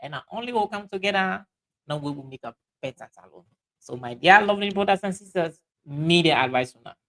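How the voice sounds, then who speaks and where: A man with a Sierra Leonean Krio accent hosting a livestream, reading out viewer comments in halting speech full of fillers and restarts. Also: on the high side, animated, fairly bright tone, rough recording. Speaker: livestream host.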